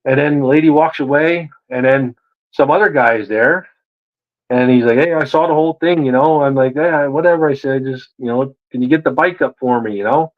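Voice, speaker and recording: A man telling a story in a casual interview, animated and acting out the voices of the people he quotes. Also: mid-range voice, a little fast, dull audio. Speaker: guest.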